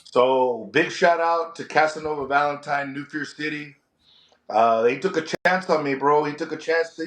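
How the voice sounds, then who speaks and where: An animated middle-aged man, talking a bit high for a man and peppering his chat with Spanish slang. He sounds like a wrestler holding forth in an interview. The recording has a roomy echo. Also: moderate pace. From San Antonio, Texas. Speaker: wrestler and show promoter. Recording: echoey room.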